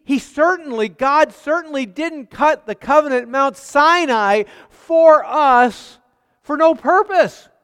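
A man's voice: extremely high pitch, a bit bright, big-room sound. A man preaching a sermon as pastor, emphatic, with rhetorical questions and repeated phrases.

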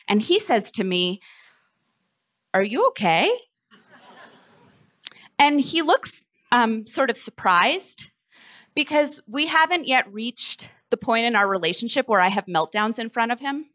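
A woman with a slightly high, bright and forceful voice tells a funny personal story to a live audience. She is confessional and self-mocking, and she lets her words tumble out in quick rushes as the story heats up. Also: expressive. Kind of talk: live comic storytelling performance. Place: festival stage.

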